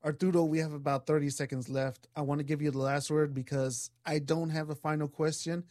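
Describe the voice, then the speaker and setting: A man's voice: a little high, brisk, no room sound, studio quality. A man hosting a radio talk show, thanking guests and closing the program. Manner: steady, wraps up segments and thanks guests.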